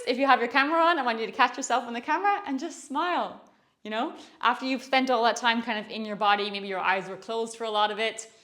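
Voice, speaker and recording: A young woman leading a guided movement tutorial, talking breezily and encouragingly while she moves, a little out of breath. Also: a little high. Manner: encouraging, breezy, with soft laughs. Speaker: movement instructor.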